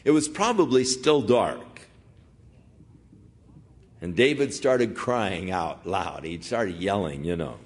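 A man's voice: low-pitched, lively intonation, slow pace, long pauses, breathy edge. A man preaching an expository sermon in a conversational, folksy way. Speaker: pastor.

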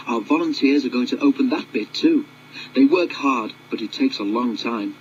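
A man's voice: medium pitch, normal speed, darkish tone, dull audio, a little hiss or hum, lightly acted. A man voicing a friendly little steam engine telling a cautionary tale in a storybook reading. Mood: storytelling.

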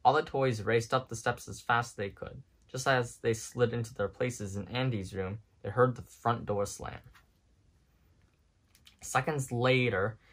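A man reading a children's picture book aloud in an expressive, storytelling style. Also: mid-range voice, unhurried. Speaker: storybook reader.

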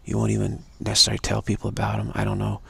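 A man's voice: lowish voice, monotone, very fast, vocal fry, bright, forceful tone, breathy edge. A man giving an unscripted spiritual talk as its teacher, repeating phrases over and over. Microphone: livestream mic.

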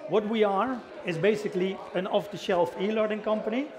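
A man's voice: sits high, fairly quick, music in the background. A middle-aged man with a Dutch accent giving a chatty conference talk, asking the audience questions and joking about himself. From the Netherlands. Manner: chatty, self-deprecating, engages audience with questions. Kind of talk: conference presentation. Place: conference hall.

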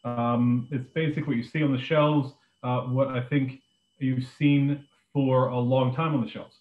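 A man teaches a live online class on making a drink, talking loosely and filling pauses with ums and uhs. His voice sits at an ordinary pitch. It comes through a narrow, phone-like line with a roomy echo behind it. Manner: relaxed, many ums and uhs, loose explanations. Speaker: beverages director teaching a cocktail class. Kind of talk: live online cooking demonstration. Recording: echoey room over a phone-like line.

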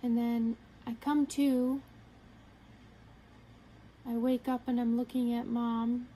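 A young woman earnestly telling a personal story to the camera, halting and quoting her own thoughts. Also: on the high side, level tone, dark tone, slight background noise, low-quality recording. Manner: earnest, halting, retelling with quoted inner thoughts. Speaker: vlogger.

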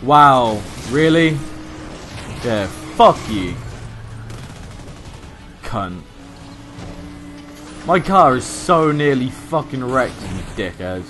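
A man's voice: medium pitch, sing-song, extremely slow, pauses often, a bit bright. Swearing man raging at a game. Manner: swearing, frustrated outbursts. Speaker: let's play gamer. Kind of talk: game commentary. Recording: faint game music behind.

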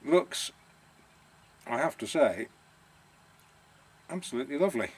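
A man's voice: medium pitch, animated, a little slow, darkish tone, slightly rough. A man, the owner of a villa rental business, chatting casually on a vlog in a self-deprecating, savouring way.

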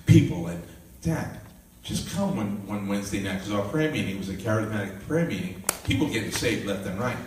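A man's voice: lowish voice, animated, a little fast, few pauses, background noise. A man in his sixties, a minister, telling his life story with animation, acting out the dialogue and laughing often. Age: 60s. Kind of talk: testimony storytelling. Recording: echoey room, voice from a distance.

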